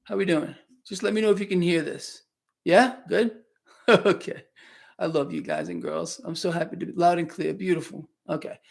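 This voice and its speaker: A high-pitched, gravelly man speaking at normal speed with fairly even intonation hosts a live market wrap-up stream. As market commentary host he answers viewers' questions emphatically, sarcastically and conversationally, using a new microphone.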